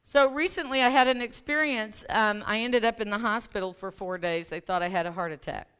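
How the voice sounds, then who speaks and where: The guest speaker is a woman who coaches people for a living, and she moves briskly through a personal story in a church sanctuary. Her medium-pitched voice is clean and fairly bright, and the sermon stays chatty and self-mocking as she and the congregation laugh together.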